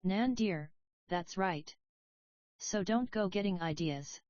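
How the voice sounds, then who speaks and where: A woman's voice: fairly low pitch, slow pace, darkish tone, no room sound, highs cut off. A woman reading as a bossy old grandmother. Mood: scolding. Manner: scolding, matter-of-fact. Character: bossy old grandmother, sharp-tongued and protective.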